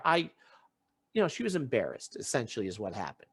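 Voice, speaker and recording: A man's voice: mid-range voice, wildly swooping pitch, a little fast, a bit bright, husky. A man hosting a podcast, retelling a story in casual chat and acting out the quotes as he goes, often restarting his sentences. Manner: frequent restarts while recounting. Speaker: podcast host.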